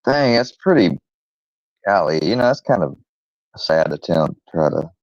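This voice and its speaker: A man hosting his own channel, rambling defensively with many fillers and pauses as he rants casually. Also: low voice, very animated, dry recording. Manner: rambling, halting, full of fillers; defensive, irritated. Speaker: channel host. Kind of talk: rambling casual vlog rant. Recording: dull lo-fi close recording.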